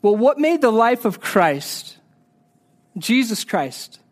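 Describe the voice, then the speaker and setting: Male pastor, high voice, earnest sermon delivery with quiet, low emphasis. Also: sing-song, slow. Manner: earnest, repeats words, drops soft and low on key phrases.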